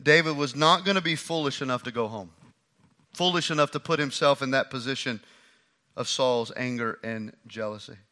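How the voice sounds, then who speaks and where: Bright-voiced man preaching. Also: medium pitch, normal speed. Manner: lively, conversational, acts out the scripture. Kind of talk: sermon.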